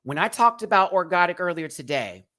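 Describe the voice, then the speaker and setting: A man's voice: sits high, expressive, fairly quick, pushed and bright. A man hosting a live review show who rants at a critic in a sassy, cutting way, throwing out pet names like sweetie and baby. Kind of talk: live confrontational rant to a critic.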